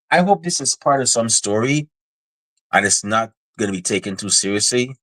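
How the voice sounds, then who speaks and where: A man hosting a podcast, giving casual wrestling predictions in an animated, chatty way with frequent restarts. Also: lowish voice, normal speed, no echo, rough recording. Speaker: podcast host.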